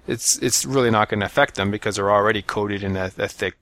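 A man's voice: on the low side, fast, fairly bright tone, no echo, clean studio sound. A man from Canada co-hosting a casual podcast, reading listener emails with self-mocking jokes, many fillers and restarts. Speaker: podcast co-host.

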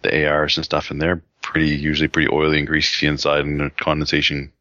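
Deep-voiced man, bright and dull-sounding. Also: monotone, dry recording. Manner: easygoing, laughs often, quick agreements. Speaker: podcast co-host. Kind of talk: casual chat, reading listener emails.

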